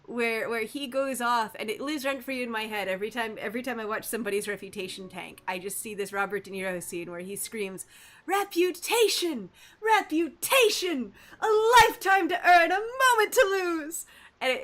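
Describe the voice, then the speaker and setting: A woman streaming a game live, chatting casually and playfully with her viewers and reacting loudly to their messages. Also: mid-range voice. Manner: animated, playful, reacting to chat.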